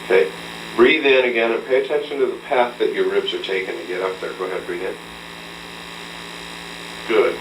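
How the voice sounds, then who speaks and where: A man's voice: lowish voice, steady tone, moderate pace, long pauses. A man coaching a beginner singer through a hands-on breathing lesson, patient and instructive, checking in with a frequent "okay?" in a room with a mirror. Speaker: vocal coach. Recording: roomy, distant, faint hum, old tape.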